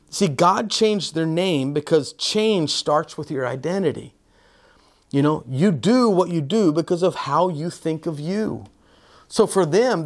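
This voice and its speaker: A man preaching an earnest sermon as pastor, asking rhetorical questions with emphasis. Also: on the high side. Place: church sanctuary.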